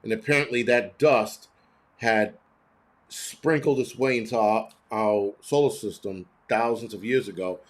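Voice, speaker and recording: A man's voice: on the low side, measured pace. Blunt ranting man. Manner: heated, blunt and profane, with rhetorical questions. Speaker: host. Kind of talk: casual ranting commentary.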